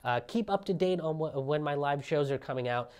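A man's voice: a little high, animated, fairly quick, darkish tone, clear, resonant tone. A male comedian hosting a political commentary show, sarcastic and laughing at his own jokes. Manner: self-promoting sign-off read. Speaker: comedian host.

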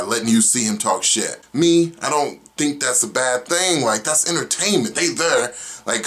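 A young man from Oklahoma hosting his own vlog, ranting casually with lots of swearing and rambling asides. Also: medium pitch. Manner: profane, animated, rambling. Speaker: vlog host. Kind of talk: casual opinion rant.

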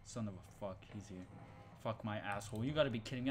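A young man hosting his channel, giving jokey, profane commentary while playing a horror game, muttering one moment and yelling in panic the next. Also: lowish voice, fast, a little hiss or hum. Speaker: gaming channel host.

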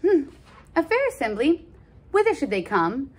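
Lady reading a lovesick young guy, dramatic and fervent, fairly high voice. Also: big pitch swings, normal speed. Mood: eager. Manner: theatrical line reading.

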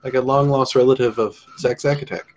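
A man's voice: medium pitch, fairly even intonation, a little fast, a little mellow. A man hosting a casual chat, joking crudely and teasing his guests. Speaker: host.

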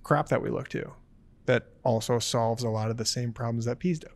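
A man's voice: medium pitch, steady tone, a little fast. A man interviewing a guest and asking short, probing questions.

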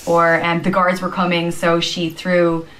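A woman from Ireland with an Irish accent, patiently explaining slang phrases and acting out examples, with frequent pauses and "um". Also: fairly low pitch, completely flat delivery, fairly bright tone, slight background noise, low-quality recording. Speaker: slang teacher in a video.

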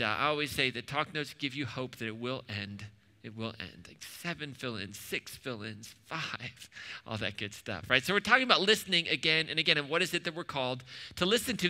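A man's voice: mid-range voice, pushed and bright, long reverb tail. A man preaching a sermon at a church in a conversational way, asking the room questions and adding joking asides. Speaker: pastor. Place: church hall.

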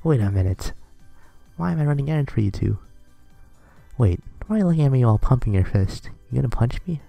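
A man voicing a loud, dim-witted teenage schoolboy who whines and protests. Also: medium pitch, lively intonation, fairly quick, gravelly, no room sound, soft background music, pitched above the performer's own voice. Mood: whiny. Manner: whiny, indignant.

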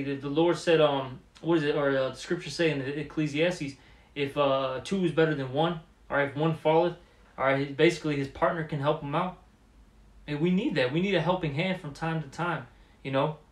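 A man giving an informal religious lesson, halting often and repeating words, with many fillers, and calling the listener "man". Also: fairly high pitch, reverberant. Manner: streetwise, addresses listener as man. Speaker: religious teacher.

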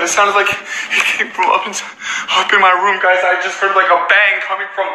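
A man's voice: high-pitched, monotone, normal speed, a little hiss or hum. Panicky man saying "guys" constantly. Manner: ends nearly every phrase with "guys", swings from hushed to panicked shouting. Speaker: paranormal vlogger. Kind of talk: staged late-night ghost-hunting vlog. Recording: echoey room with background music.

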